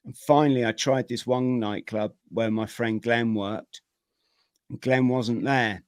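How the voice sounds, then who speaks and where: A middle-aged man, a podcast guest, telling his own story in a vivid, energetic way with plenty of slang. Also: medium pitch, unhurried, no echo, studio quality. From Britain. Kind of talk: personal storytelling in an interview.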